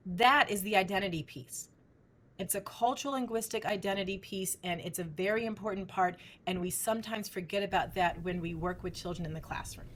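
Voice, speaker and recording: A woman's voice: mid-range voice, fairly quick. A middle-aged woman researcher, a guest in an interview, explaining her field in an emphatic, teacherly way. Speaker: speech language researcher, guest.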